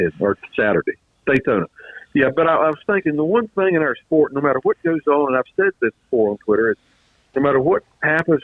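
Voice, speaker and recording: A man, a retired racer talking as an interview guest, rambling, repeating words and clearing a throat that is choked up with a cough. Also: mid-range voice, no room sound. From Virginia. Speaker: guest, retired race car driver. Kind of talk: casual interview storytelling. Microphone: phone call. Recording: tinny dry phone line.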